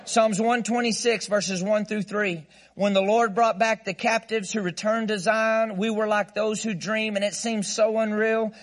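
High-voiced, playful preaching man. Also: steady tone, a little slow, hardly any pauses. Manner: playful, emphatic preaching with call-and-response and mock laughter. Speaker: guest pastor. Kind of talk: sermon.

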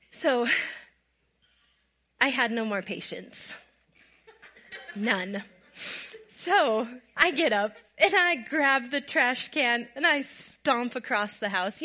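Lady vlogger from minnesota, super animated voice, keeps laughing. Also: high-pitched. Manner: laughs often while telling stories, animated. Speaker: storyteller vlogger. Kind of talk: casual storytelling to camera.

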